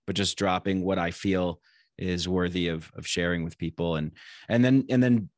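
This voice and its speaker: A man with a very low voice speaks as a guest on a podcast, thinking aloud in a halting, reflective way and often circling back over his words. The recording is dry and close, with no room sound. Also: steady tone, dry recording. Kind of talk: casual conversation.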